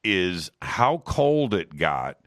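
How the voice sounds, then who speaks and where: A man's voice: sits low, very animated, drawn-out words, no echo, clean studio sound. A man hosting a talk show, chatting with his guest in an emphatic, eager way. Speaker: radio talk show host. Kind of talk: conversational interview.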